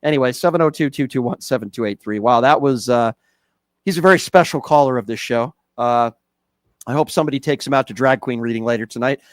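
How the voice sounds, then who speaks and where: A man's voice: medium pitch, fast, no echo. A man hosting a call-in radio show, mocking and insulting his callers as he talks over them. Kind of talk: combative call-in radio talk.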